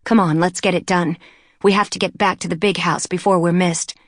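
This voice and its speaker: A woman voicing a tall young woman who takes charge and snaps orders. Her tone is firm and emphatic, sitting low. The sound is close and dry. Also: steady tone, no echo, natural voice. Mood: commanding. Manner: brisk, emphatic. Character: tall commanding young woman, blunt leader.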